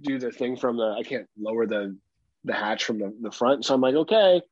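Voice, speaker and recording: A man's voice: medium pitch, fairly even intonation, fairly quick, dry recording, dull audio. A man co-hosting a podcast who tells stories in a casual chat, acting out other people's lines, laughing often and swearing casually. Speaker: podcast co-host.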